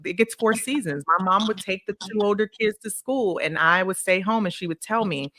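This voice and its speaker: A woman guest on a podcast, telling personal stories in a casual, animated way and acting out remembered dialogue. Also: medium pitch, a little fast, few pauses, no room sound. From Illinois, USA. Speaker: podcast guest, consulting firm CEO. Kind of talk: casual interview storytelling.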